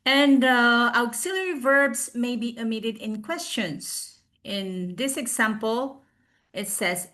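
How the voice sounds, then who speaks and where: A woman presenting a recorded online class on a video call, explaining slowly with fillers and restarts. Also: on the high side, sharp tone.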